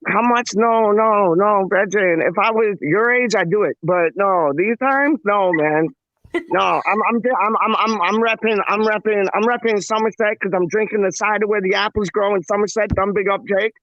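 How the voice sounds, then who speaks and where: A man's voice: high-pitched, normal speed, fairly bright tone, no room sound, lo-fi sound. A man from Canada chatting as a guest on a live stream, playful and full of slang. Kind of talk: casual live stream chat.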